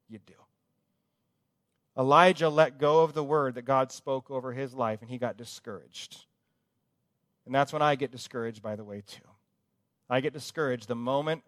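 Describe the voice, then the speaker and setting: A man preaching a sermon, repeating words for emphasis and swinging between loud urgent calls and hushed quiet passages. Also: mid-range voice, no room sound, clean studio sound. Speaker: pastor.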